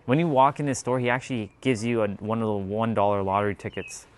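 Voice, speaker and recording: A man's voice: on the low side, fairly even intonation, quick pace. A man chatting casually and reading out viewer comments, rambling with many fillers and laughing easily.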